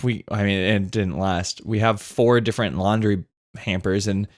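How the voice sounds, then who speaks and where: A man's voice: lowish voice, steady tone, moderate pace, no echo, clean studio sound. A man co-hosting a comedy podcast, reading listener questions and steering the chat earnestly. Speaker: podcast co-host.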